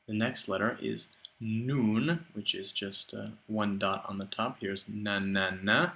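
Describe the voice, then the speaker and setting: A man teaching the Arabic alphabet in a playful, patient lesson, sounding out each letter slowly and repeating it. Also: fairly low pitch, bright, forceful tone, a little hiss or hum, poor audio. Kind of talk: explanatory lesson narration.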